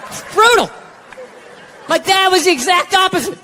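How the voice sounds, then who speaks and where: A man's voice: extremely high pitch, animated, moderate pace, pushed and bright, some chatter behind, a little hiss or hum. A man doing stand-up comedy with a Boston accent, blunt and sarcastic, on a stage mic before a live audience. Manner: sarcastic, blunt, profane delivery.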